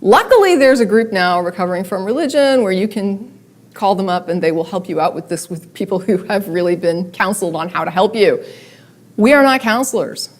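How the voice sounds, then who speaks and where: A woman giving a public talk, speaking conversationally with wry asides and animated emphasis. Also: medium pitch, a little fast. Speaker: guest speaker. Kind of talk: public talk with read-aloud letters.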